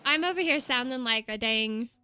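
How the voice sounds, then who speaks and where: Young gal rambling to her stream chat, high voice, bright and sharp. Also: normal speed, clean tone. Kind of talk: casual chat with stream viewers.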